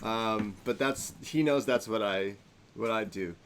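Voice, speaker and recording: A man's voice: on the low side, measured pace, a bit bright, slight background noise. A man co-hosting a live podcast stream, chatting casually and joking with frequent laughter. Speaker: podcast co-host.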